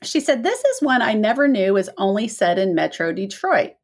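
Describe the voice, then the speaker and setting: A middle-aged woman co-hosts a laid-back podcast, reading notes from listeners and sharing stories about her family. Her voice sits at an ordinary pitch, and she speaks at a normal speed, talking freely and laughing often.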